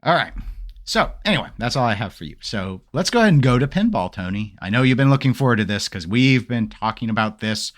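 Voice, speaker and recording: A man hosting a podcast in casual chat, an animated storyteller who acts out quotes. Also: mid-range voice, quick pace. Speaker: podcast host.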